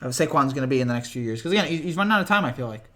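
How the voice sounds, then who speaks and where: A young man hosting a casual live reaction stream, rambling and excitable, whose voice cracks often. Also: mid-range voice, racing. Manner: rambling, excitable, repeats himself.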